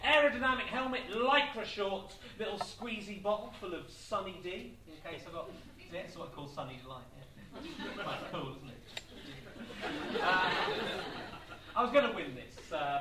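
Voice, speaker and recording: A man doing live stand-up, telling an absurd story in a deadpan way with wry asides. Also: high-pitched, moderate pace, heavy background noise. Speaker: stand-up comedian. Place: comedy venue with live audience. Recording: echoey club, distant mic, audience.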